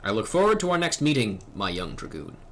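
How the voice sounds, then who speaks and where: A man's voice: fairly low pitch, very animated, brisk, a bit bright, slight background noise. A man voicing an old, stern knight mentor, reading game dialogue aloud in a solemn, formal way.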